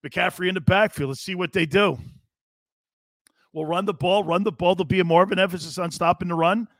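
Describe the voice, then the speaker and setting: A man's voice: high-pitched, fairly even intonation, brisk, no room sound, clean studio sound. Blunt sarcastic male sports host. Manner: blunt, sarcastic, mocking coach-speak; swears casually. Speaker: sports talk show host. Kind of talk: live sports talk monologue.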